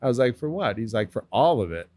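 A man's voice: medium pitch, very animated, fast talker, warm tone, dry recording. A man as a podcast guest, telling stories in casual, slang-heavy chat with lots of swearing. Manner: laid-back slangy storyteller, heavy swearing.

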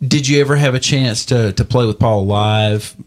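Male interviewer, mid pitch, curious questions, short encouraging replies. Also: normal speed. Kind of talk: oral history interview.

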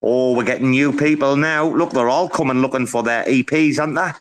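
A man's voice: medium pitch, fairly quick. A man hosting a casual live audio chat, boisterous, laughing often and swearing freely. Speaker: host.

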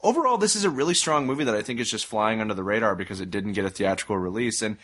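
A man's voice: on the low side, animated, racing, fairly bright tone. A man hosting a casual movie review chat, enthusiastic and steering the talk between films. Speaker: film review podcast host.

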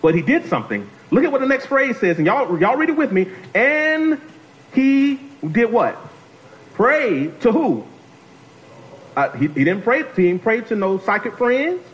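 A man's voice: sits high, very animated, a little fast, hardly any pauses, low-quality recording. A man preaching a sermon as a guest speaker, talking to the congregation, repeating phrases and calling on them to answer.

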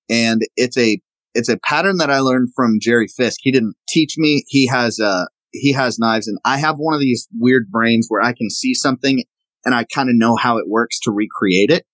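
A man's voice: mid-range voice, a bit bright, no room sound, low-quality recording. Knife maker explaining his blades, dry sound. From American South. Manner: explanatory, demonstrating objects as he talks. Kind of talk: casual interview talk.

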